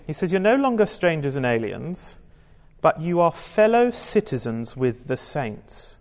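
A man's voice: a little high, big pitch swings, a little slow, in a large hall. A British man preaching a sermon in a chatty, joking way, talking to the congregation. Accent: British English. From United Kingdom. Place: church hall with a congregation.

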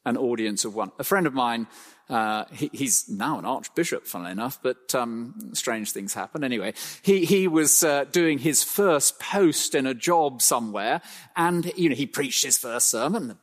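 A man preaching an expository sermon, emphatic, slowing to stress phrases and swinging his pitch widely. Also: lively intonation, big-room sound.

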